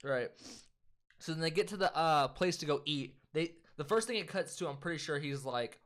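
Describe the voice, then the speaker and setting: Animated young man recapping a movie. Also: fairly high pitch, fairly quick. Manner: animated, swearing, retells scenes with quoted voices. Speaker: co-host. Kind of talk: casual movie recap chat.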